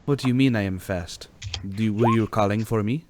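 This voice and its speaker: A man's voice: on the low side, brisk, slight background noise, close to an everyday voice. A man voicing a stern, protective man who speaks stiffly and formally, without contractions.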